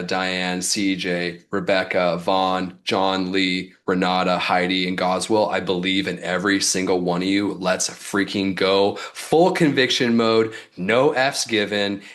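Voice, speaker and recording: A man's voice: low voice, a bit bright. A man coaching his audience in a casual livestream, loose and fired up, peppering his talk with "like" and mild swearing. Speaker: business coach.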